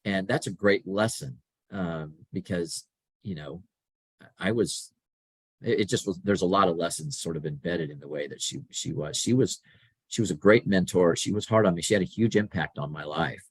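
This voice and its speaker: Middle-aged male guest, lowish voice, dry close mic, lively storyteller. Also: moderate pace, slightly rough, no echo. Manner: animated, acts out quoted dialogue. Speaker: podcast guest. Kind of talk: conversational storytelling.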